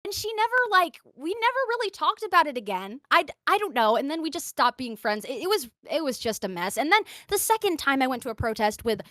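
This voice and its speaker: A young woman with a high, bright voice tells stories in a casual podcast chat. She acts out the people in her stories and slips into their voices. The sound is close and dry. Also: fast, few pauses, dry recording. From grew up in Qatar and the American South. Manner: animated storyteller, acting out quoted voices. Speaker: podcast host.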